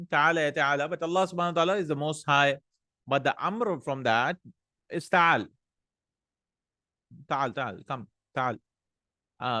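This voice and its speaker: A man teaching an Arabic grammar lesson, reading example sentences aloud, translating them and explaining the rules in a relaxed way with fillers. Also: fairly high pitch, no echo, studio quality.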